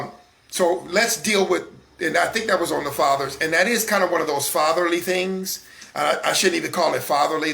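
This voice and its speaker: High gravelly-voiced man talking. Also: bright, forceful tone. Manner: conversational, emphatic, many fillers and restarts. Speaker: broadcast host. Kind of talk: solo talk show monologue.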